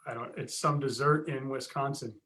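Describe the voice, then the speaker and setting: A man hosting a casual podcast interview, friendly and quick to laugh as he asks his questions. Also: mid-range voice, fairly even intonation, bright, forceful tone. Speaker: podcast host.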